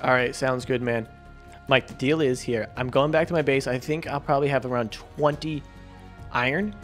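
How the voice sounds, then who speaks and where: A man hosting a multiplayer game video, chatting casually and excitably with his friends. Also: medium pitch, moderate pace, faint music behind. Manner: excitable, chatty, frequent laughs. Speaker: gaming channel host. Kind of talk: casual gameplay chat.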